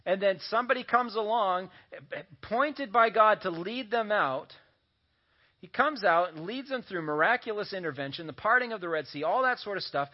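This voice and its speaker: A man's voice: high-pitched, animated, moderate pace. A man preaching a sermon as a pastor, talking conversationally and slipping in joking asides. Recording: dull lo-fi audio recording.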